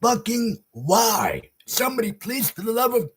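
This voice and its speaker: A man ranting loudly in a horror movie review video, often shouting and swearing. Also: very high-pitched, very animated, unhurried, husky. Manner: loud, profane, often shouting.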